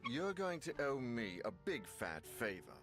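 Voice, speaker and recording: A man's voice: medium pitch, very animated, a little slow. An actor playing a weary, sardonic ex-drunk errand man in a video game, with a grumbling, self-mocking manner. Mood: exasperated. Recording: loud game music behind.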